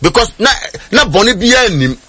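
A man's voice: sits high, big pitch swings, moderate pace, bright, forceful tone, breathy edge, no room sound. A man with a Ghanaian accent, an outspoken political commentator on a radio panel, talking emphatically and switching between Twi and English.

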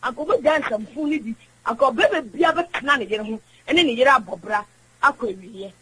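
A woman's voice: on the high side, normal speed, fairly bright tone, slightly rough, low-quality recording. A woman calling in to a radio show, talking emphatically and in a preachy way while mixing languages. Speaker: radio caller. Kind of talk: call-in opinion talk.

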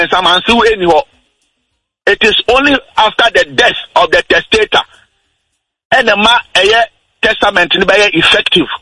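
Radio guy explaining legal stuff, bright and kinda raspy, dry close sound. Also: high-pitched, no room sound, rough recording. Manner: patient, explanatory, slows down on key points. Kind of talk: radio talk explaining wills.

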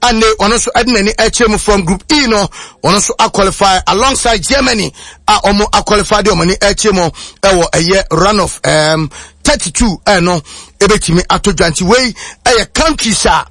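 A man presenting a radio sports segment in a steady, informative way. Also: sits high, moderate pace, no echo, studio quality.

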